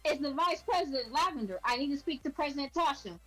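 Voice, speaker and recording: A woman's voice: high voice, expressive, quick pace, a bit bright, faint music behind, poor audio. A woman playing in an online tabletop game, talking in a casual, blunt and defiant way. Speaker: player.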